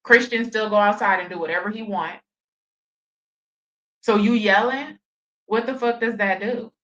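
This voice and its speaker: A woman's voice: medium pitch, normal speed, sharp tone, dull audio. A woman giving blunt, profane, scolding reaction commentary on a livestream.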